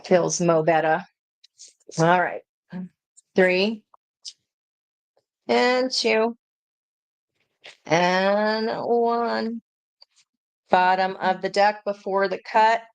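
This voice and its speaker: A woman's voice: medium pitch, drawn-out words, long pauses, clean tone, no room sound. A woman giving a chatty live tarot reading, talking intuitively and laughing and exclaiming often. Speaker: tarot reader.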